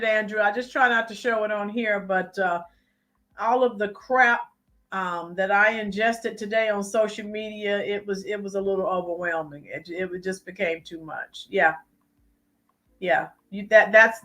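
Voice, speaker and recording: A woman's voice: fairly high pitch, a bit bright. A woman hosting a live-stream, giving emphatic political commentary and talking to chat viewers by name. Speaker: channel host.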